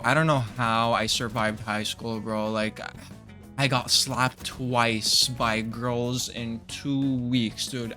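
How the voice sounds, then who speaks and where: A young man telling a story from high school in a crude, profane, animated way, full of "dude" and "bro". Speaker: vlogger telling a personal story. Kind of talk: storytime monologue.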